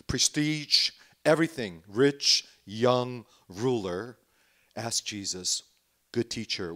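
Male pastor giving a sermon, earnest and measured, middle-pitched voice, frequent pauses and repeated emphasis. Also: fairly bright tone. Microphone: remote livestream worship.

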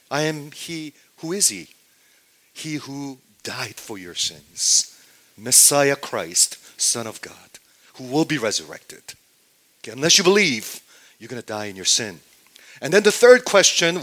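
A man preaching to his congregation in a voice of ordinary male pitch. He swings from loud, emphatic declarations down to near-hushed asides and keeps checking in with rhetorical questions. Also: big pitch swings, a little slow. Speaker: pastor. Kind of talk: sermon.

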